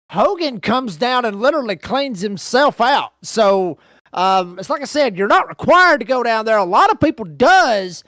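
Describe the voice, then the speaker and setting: A man's voice: high-pitched, fairly bright tone, no room sound. A man doing color commentary on a sim race, explaining replays in a folksy, rambling way. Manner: folksy, explanatory, lots of "I mean".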